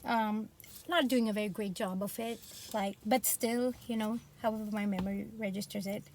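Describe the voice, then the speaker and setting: A woman's voice: medium pitch, steady tone, normal speed, darkish tone, slight background noise, poor audio. A middle-aged woman with an Indian accent talking casually about a favorite book, rambling through fillers and tangents. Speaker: book vlogger. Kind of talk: casual chat.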